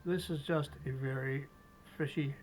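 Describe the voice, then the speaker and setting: A man's voice: medium pitch, fairly even intonation, measured pace, rough recording. Chatty man tying flies. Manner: chatty, talks to himself while working, chuckles. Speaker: fly-tying instructor. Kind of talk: casual step-by-step demonstration.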